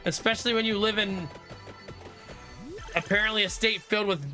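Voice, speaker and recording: A man's voice: high voice, steady tone, moderate pace, bright, forceful tone, faint music behind. A man streaming a game, chatting casually with his viewers, laughing often and answering their comments. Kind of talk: casual live-stream chat.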